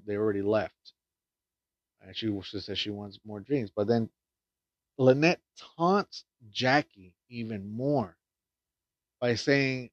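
A man's voice: on the low side, no echo. Rambling man recapping a film, swearing. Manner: rambling, full of fillers and restarts, swears often. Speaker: film reviewer. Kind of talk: casual plot recap and review. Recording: dull lo-fi dry sound.

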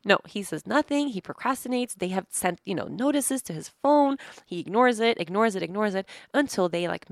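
A woman in her thirties hosts a podcast, telling a personal story in a loose, chatty way full of fillers and exasperation. Her mid-range voice has a gravelly fry in it. The recording is close and dry. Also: mid-range voice, dry recording. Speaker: podcast host. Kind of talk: casual storytelling monologue.

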